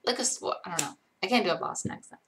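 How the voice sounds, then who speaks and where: A woman's voice: mid-range voice, lively intonation, racing, fairly bright tone, slight background noise. A tired young woman chatting casually on a live stream, rambling and self-deprecating as she reads chat aloud.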